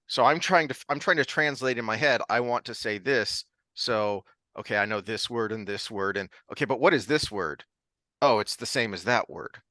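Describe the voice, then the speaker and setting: A man's voice: medium pitch, bright, forceful tone, no echo. A man co-hosting a casual book podcast, rambling with frequent restarts and easy laughter. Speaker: podcast co-host.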